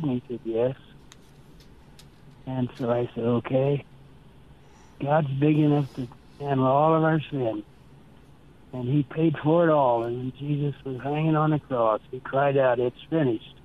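A man's voice: medium pitch, steady tone. An older man from Nebraska, a former pastor, telling earnest stories and quoting his talks in an interview. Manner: slow, earnest storytelling with quoted dialogue. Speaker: interview guest. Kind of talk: storytelling interview. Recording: tinny phone-like line.

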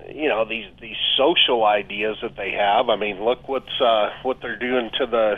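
A man, a financial adviser, speaking on talk radio with many hesitant fillers. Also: on the low side. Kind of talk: talk radio phone-in chat. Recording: tinny phone line.

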